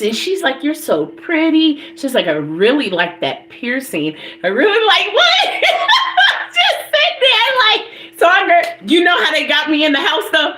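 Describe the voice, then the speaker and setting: High, lively woman telling a wild story. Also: reverberant. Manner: animated, profane, breaks into loud laughter, keeps addressing listeners. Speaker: livestreamer and tarot reader. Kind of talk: casual storytelling to a live audience.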